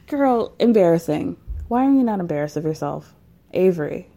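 A woman's voice: lowish voice, expressive, moderate pace, vocal fry, mellow. A woman hosting a podcast and recapping reality TV in a chatty, wry way, acting out what the cast says. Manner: chatty and wry, acts out the cast's lines. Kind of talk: casual recap commentary.

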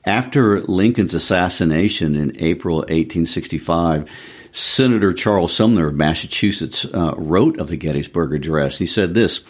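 A man's voice: sits low, normal speed. A man giving a reflective, explanatory talk on history, with frequent fillers as he thinks aloud. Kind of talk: explanatory discussion.

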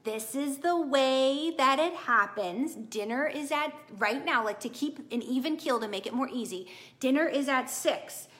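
With a voice that sits high and a slightly slow delivery, a middle-aged tarot reader talks viewers through a casual live reading. She is chatty, warm and encouraging, animated and laughing.

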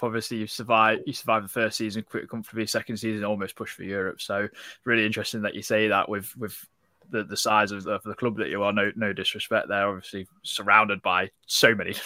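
A man's voice: on the low side, bright, forceful tone, no echo, clean studio sound. A man hosting a podcast, asking his guest questions in a conversational way. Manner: conversational questioning, with some restarts. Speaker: podcast host. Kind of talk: casual podcast interview.

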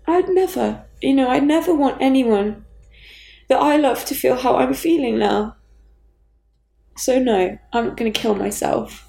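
A grieving woman talking candidly as a guest, halting and raw, swearing bluntly. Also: a little high, vocal fry, warm tone, roomy sound, poor audio. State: grieving, near tears. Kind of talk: candid conversation.

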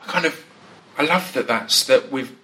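A man hosting a relaxed chat with a fellow actor, talking in a self-deprecating way with lots of restarts, sitting at a table on the top deck of a bus. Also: mid-range voice, moderate pace. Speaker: podcast host and actor. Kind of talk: casual chat.

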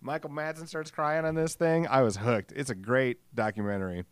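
A man's voice: medium pitch, fairly even intonation, normal speed, clear, resonant tone, no room sound. A middle-aged man hosting a solo podcast, rambling casually, swearing freely and joking about himself. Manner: rambling, profane, self-deprecating. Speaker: podcast host.

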